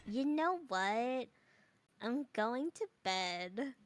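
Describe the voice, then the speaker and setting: A woman voicing a tired male orange puppet from a creepypasta tale, drawling slowly. The voice stays high and bright. The sound is dry and close. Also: lively intonation, no echo. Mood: weary.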